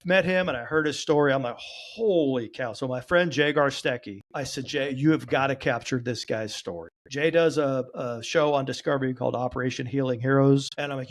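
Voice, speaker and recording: A man sits in as a podcast guest and tells a long story with real animation. He voices the people in it as he goes, shifting his delivery for each quoted line, with a middle-pitched voice. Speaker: guest, trauma therapy practitioner.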